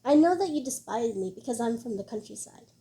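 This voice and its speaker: A composed young country girl, read by a woman, who speaks calmly and politely but makes every point land. Her voice is slightly high and mellow, and she never raises it. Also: a little fast. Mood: calm retort. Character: calm, sharp-tongued young country woman.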